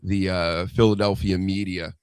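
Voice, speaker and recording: A low-voiced man chats as a guest on a casual livestream. He talks in a relaxed, drawn-out way, pausing often as he chats about radio and sports. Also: clean tone, no room sound.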